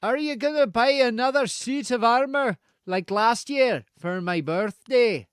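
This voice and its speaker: A man's voice: very high voice, lively intonation, slow, fairly bright tone, no room sound, studio quality, pitched above the performer's own voice, full character voice. A man putting on a loose, half-Scottish accent, teasing his audience in a mock-solemn, profane way. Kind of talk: casual chat with a live audience.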